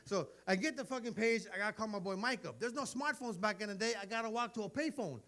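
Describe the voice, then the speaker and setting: On stage at a live comedy venue, a fast-talking man in his forties with a high voice tells profane stories. He acts out the other characters' voices in an animated way.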